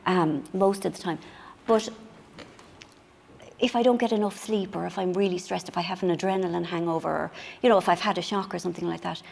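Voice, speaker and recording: A woman's voice: lowish voice, vocal fry, darkish tone, long reverb tail, a little hiss or hum. A middle-aged woman, a guest on a book show, chatting candidly and self-mockingly, acting out little scenes in quoted voices. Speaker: author guest.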